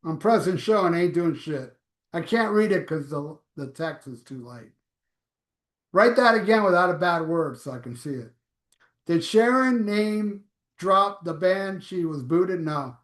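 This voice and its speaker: A man's voice: sits high, fairly bright tone, echoey room. A man hosting a live stream, reading viewer comments aloud in a blunt, offhand, profane way. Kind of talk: casual live chat.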